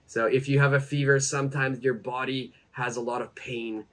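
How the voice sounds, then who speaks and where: A man teaching an English lesson on health phrases, saying each model sentence twice in a careful, deliberate way. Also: medium pitch, slight background noise. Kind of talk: slow, clear English lesson.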